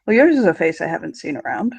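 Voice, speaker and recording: A woman's voice: lowish voice, very animated, fast talker, creaky, a little mellow, breathy edge, no echo, voice pushed down, exaggerated voice. A woman doing a terse, weary dad. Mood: guarded. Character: stern but loving father.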